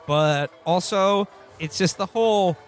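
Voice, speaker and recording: A man playing a tabletop game, speaking in a hesitant, deadpan way. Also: sits high, a little slow, soft background music. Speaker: player.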